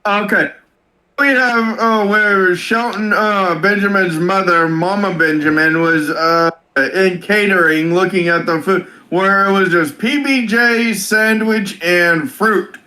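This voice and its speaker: High, slow-talking hesitant man. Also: sharp tone. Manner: hesitant, many fillers, slow recounting. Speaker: co-host reviewing wrestling. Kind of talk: casual podcast chat.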